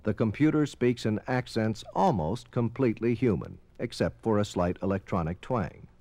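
A man's voice: on the low side, moderate pace, mellow, no room sound. A man giving formal, explanatory scripted narration for an educational film.

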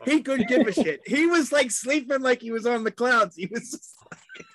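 A man's voice: very high voice, expressive, moderate pace, a bit bright, no room sound. Man rambling through a story in a dry room. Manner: rambling storyteller acting out quotes. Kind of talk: casual reminiscing chat.

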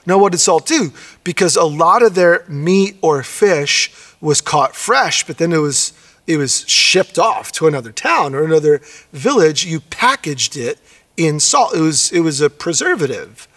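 A fairly high-voiced man preaching a conversational sermon, leaning on key phrases and drawing them out for emphasis. His voice rings with the long reverb of a big hall. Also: expressive, measured pace, a bit bright. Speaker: pastor.

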